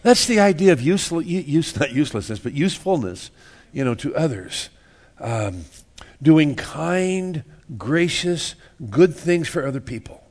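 A man's voice: fairly high pitch, big pitch swings, a little slow, hardly any pauses, darkish tone. A man preaching a sermon in a church, folksy and joking, repeating words and acting out little everyday scenes. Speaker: pastor.

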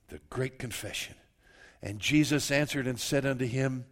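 Preacher with a cold, animated and coughing. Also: male voice, mid-range voice, normal speed. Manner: animated, acts out quoted voices. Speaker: pastor. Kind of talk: sermon.

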